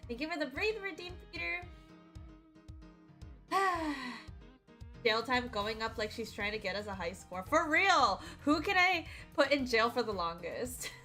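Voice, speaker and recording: High, bright-voiced playful woman streamer. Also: very animated, a little slow, faint music behind. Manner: playful, teasing, giggly. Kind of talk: casual chat with viewers.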